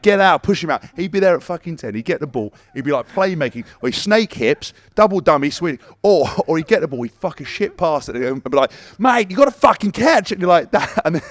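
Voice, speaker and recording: A man's voice: a little high, no room sound. A man co-hosting a rugby podcast, telling locker-room stories in casual chat, swearing freely and acting out the quotes as he goes. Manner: animated, swears freely, laughs mid-story, acts out quotes. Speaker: podcast co-host, former rugby player.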